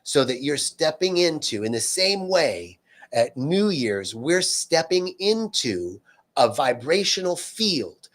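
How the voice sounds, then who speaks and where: A man's voice: fairly high pitch, very animated, slow, a bit bright. A man hosting a live-streamed spiritual talk, speaking earnestly and unscripted, repeating words for emphasis and reading out viewer comments. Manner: loose and unscripted, frequent fillers and restarts.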